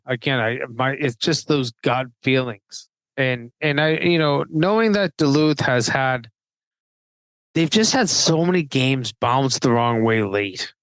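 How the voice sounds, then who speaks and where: A man co-hosting a casual hockey betting chat, talking haltingly and restarting his sentences often. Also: mid-range voice, a bit bright, no echo, low-quality recording. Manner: halting, hesitant, many restarts. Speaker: podcast co-host, hockey writer. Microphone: remote call mic.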